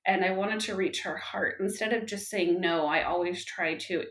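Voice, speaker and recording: A woman in her thirties, a podcast guest, talking casually and telling animated stories about home life. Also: on the low side, moderate pace. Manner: animated storytelling, with lively quoted dialogue. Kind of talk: casual conversational interview. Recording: roomy echo.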